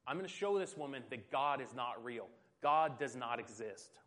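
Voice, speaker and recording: A man's voice: mid-range voice, lively intonation, moderate pace, fairly bright tone, voice pushed down, close to an everyday voice. A man voicing a scornful young atheist neighbor in a sermon story. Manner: scornful, mocking.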